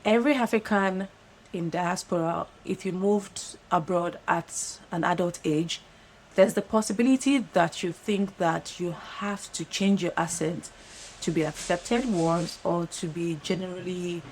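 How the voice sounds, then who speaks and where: A woman with a Nigerian accent giving earnest, fast-talking advice straight to camera, often checking in with "right?". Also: fairly low pitch, a little mellow, a little hiss or hum, rough recording. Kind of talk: direct-to-camera monologue. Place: lives in London.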